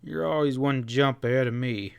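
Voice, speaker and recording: A man's voice: mid-range voice, moderate pace, creaky, smooth, dry recording, natural voice. A man voicing a folksy, meek middle-aged rancher in a western audiobook, talking in plain cowboy speech. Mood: easygoing. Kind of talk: audiobook character voice.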